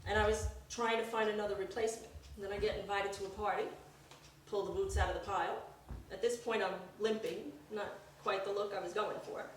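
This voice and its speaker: A middle-aged woman performing a personal story live, lively and acting out the voices of the people in it. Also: medium pitch, fairly quick, slight background noise. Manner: animated, acts out voices. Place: performance room. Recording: echoey room from far off.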